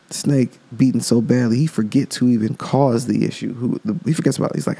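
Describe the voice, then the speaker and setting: A man's voice: medium pitch, fairly even intonation, fairly quick, gravelly, few pauses, warm tone, husky. A man hosting a podcast, talking in a loose, rambling casual monologue. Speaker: podcast host.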